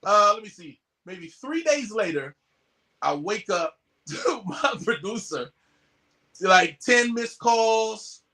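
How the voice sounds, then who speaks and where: Animated male storyteller, bright tone, curses freely, jumps into quoted voices. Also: high-pitched, slow pace. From US West Coast. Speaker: podcast guest. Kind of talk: casual storytelling.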